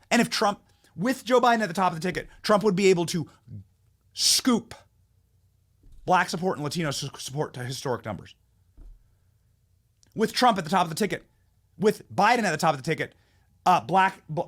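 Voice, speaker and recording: A man's voice: high-pitched, expressive, brisk, long pauses, fairly bright tone. A man hosting a political commentary show, talking in a heated, mocking, emphatic way. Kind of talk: opinionated commentary monologue.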